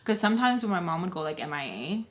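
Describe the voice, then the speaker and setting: A woman's voice: fairly low pitch, fast talker. Chatty young woman telling a story. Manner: chatty, animated retelling with many likes. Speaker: vlogger. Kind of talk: casual storytime.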